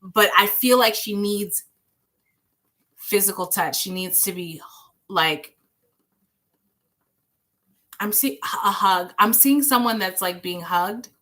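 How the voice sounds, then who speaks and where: A young woman gives tarot readings on a live stream, talking straight to her viewers in a chatty, rambling, reassuring way and singing bits of songs. Her mid-range voice has a sharp tone, and she speaks slowly, pausing often.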